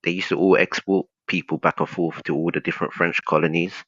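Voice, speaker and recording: British male guest, very low voice, rambling and hesitant, muffled lo-fi call audio. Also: flat delivery, fast, fairly bright tone, breathy edge, no echo. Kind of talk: casual conversation. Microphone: video call.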